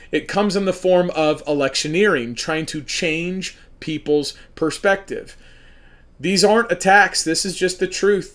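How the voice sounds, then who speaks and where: A man from Oklahoma, a political candidate hosting his own show, giving an emphatic campaign monologue that hammers the same points over and over. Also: fairly high pitch.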